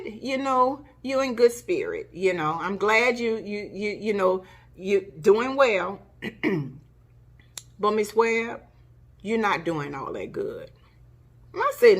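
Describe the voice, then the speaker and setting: A woman's voice: medium pitch, unhurried. A middle-aged woman telling her own story casually to her channel, acting out the quoted lines, with a cough. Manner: animated retelling, acts out quoted dialogue. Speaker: vlogger.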